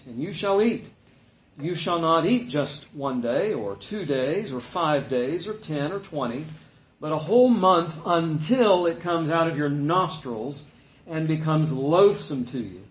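A pastor with a fairly high voice preaches a sermon in an echoey room, reading scripture and retelling it conversationally. He mimics the complaining people in a mocking voice.

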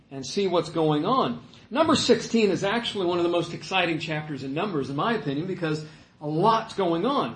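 Conversational preacher in an echoey room. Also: male voice, on the high side. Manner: conversational, joking asides, animated emphasis. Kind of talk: sermon.

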